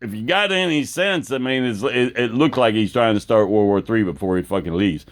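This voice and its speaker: A man's voice: lowish voice, lively intonation, a little fast. A man delivering an angry, profane political rant with many stumbling restarts. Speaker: political commentator.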